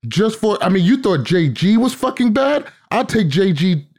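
A man's voice: sits high, very animated, normal speed, darkish tone. A man hosting a podcast, ranting emphatically and swearing freely in casual chat. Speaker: podcast host.

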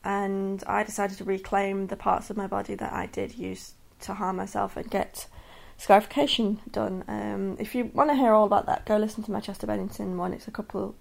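A woman's voice: mid-range voice, level tone, a little fast, vocal fry, few pauses. A woman in her thirties speaking candidly and earnestly in a personal podcast monologue. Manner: candid and earnest, many restarts and soft laughs. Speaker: podcast host.

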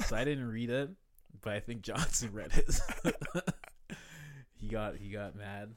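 A man chatting casually, animated and profane, often laughing and dropping from loud to quiet. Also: mid-range voice, moderate pace, a little hiss or hum. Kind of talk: casual chat.

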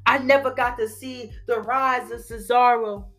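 A man's voice: very high voice, fairly even intonation, normal speed, fairly bright tone, faint music behind. A man voicing an angry, betrayed longtime male fan who scolds and rants in slang. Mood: ranting. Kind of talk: reading an email aloud in character.

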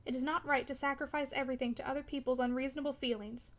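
A woman's voice: high-pitched, little pitch movement, quick pace, fairly bright tone. A woman reading the part of a discouraged young man who speaks impetuously and pleadingly. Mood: discontented. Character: discouraged, longing young man of twenty-one. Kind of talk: audiobook character reading.

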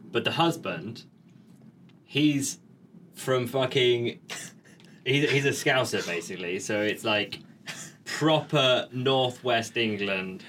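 A man with a fairly low but bright, forceful voice, chatting casually with casual swearing. Faint ambience sits behind him. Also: slight background noise. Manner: laid-back, swears casually. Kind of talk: casual chat.

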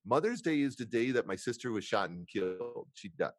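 Speaking as a guest, a middle-aged man recounts a painful chapter of his life with candor and feeling, going quiet and low when it hurts most. He voices his inner dialogue in shifting tones, expressive and brisk, while a crowd murmurs behind him.

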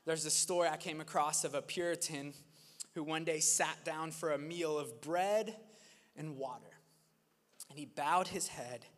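A man's voice: sits high, a bit bright. A male pastor preaching a sermon in an earnest, conversational way, recorded in a large church sanctuary. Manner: earnest and conversational, laughs at his own stories. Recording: long reverb of a large hall.

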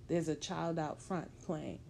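A woman telling a story in a measured, plain-spoken way, in the present tense. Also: deep voice, fairly even intonation, gravelly, mellow, slight background noise.

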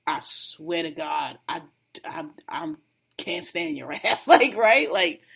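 A woman's voice: fairly low pitch, very animated, takes it slowly, gravelly, a bit bright, husky. A woman co-hosting a casual podcast, gossiping bluntly about reality TV with lots of slang and laughter. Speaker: podcast co-host.

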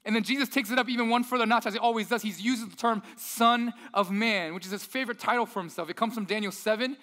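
A pastor preaching a sermon with lively storytelling, acting out the quoted lines himself. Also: male voice, high voice, quick pace, in a large hall. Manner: animated storyteller, acts out quotes.

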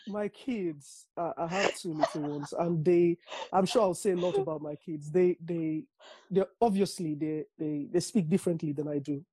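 A man's voice: fairly high pitch, normal speed, mellow, breathy edge. A man from Nigeria with a Nigerian accent, a singer chatting as a guest in an easygoing way with frequent restarts. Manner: easygoing, chuckling, restarts often. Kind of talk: casual interview chat.

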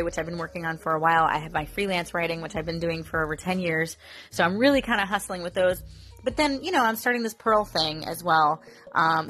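Woman in her 30s doing a chatty faith podcast, kinda low voice, soft music in the back. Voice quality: chatty, earnest, lots of fillers like um and you know. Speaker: podcast host. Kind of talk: casual devotional podcast talk.

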